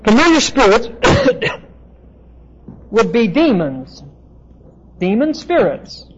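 A man with a high voice gives a Bible lecture, working through terms at the board. He explains patiently and stops often on "uh" fillers. The recording is dull and lo-fi. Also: wildly swooping pitch, slight background noise. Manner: explanatory, halting with frequent "uh" fillers. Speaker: Bible teacher.

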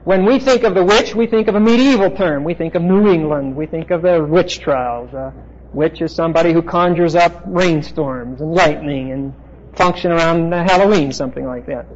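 Man, high voice, Bible lecture, halting with fillers, classroom, dull lo-fi recording. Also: slight background noise. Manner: explanatory, halting with frequent "uh" fillers. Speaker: Bible teacher.

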